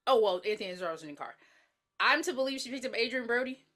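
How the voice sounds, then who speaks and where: A woman chats casually on a podcast, opinionated and quick to tease or correct. Her voice is pitched a little high and swings widely, with a bright edge. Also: expressive. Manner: opinionated, teasing, corrects details. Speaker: podcast co-host. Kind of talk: casual movie chat.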